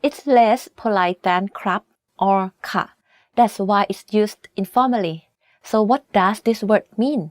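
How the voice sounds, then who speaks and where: A native Thai-speaking woman teaching a scripted language lesson, explaining clearly and carefully with example words. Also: mid-range voice, normal speed, no echo, studio quality.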